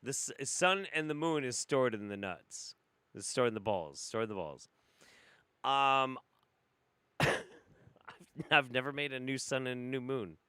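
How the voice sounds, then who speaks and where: A man's voice: mid-range voice, expressive, a little slow, pauses often, bright, forceful tone, smooth, no room sound. A man hosting a reaction commentary show, swearing freely and breaking into incredulous laughter. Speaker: host.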